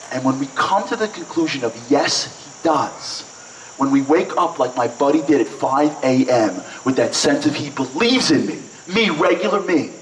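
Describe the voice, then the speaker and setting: A man giving a passionate motivational talk at a breakfast event, building to emphatic peaks and acting out little dialogues. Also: mid-range voice. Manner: passionate, rising and falling with emphasis, acts out dialogue. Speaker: inspirational speaker. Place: event hall. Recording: distant mic with faint noise.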